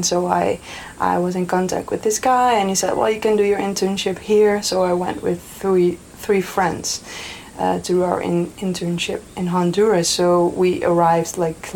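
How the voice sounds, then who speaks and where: A woman's voice: lowish voice, slight background noise, poor audio. A woman from Europe, a guest telling stories in casual chat, laughing often and rambling with fillers. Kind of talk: casual storytelling.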